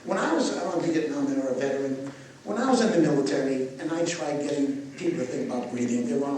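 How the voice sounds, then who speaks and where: An older man leading a guided breathwork session for a live audience, asking gentle questions and slipping in playful jokes. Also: medium pitch, animated, fast talker, slight background noise. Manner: gentle guiding questions, joking asides. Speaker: breathwork teacher. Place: large echoey event space. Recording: echoey, distant live event recording with ambience.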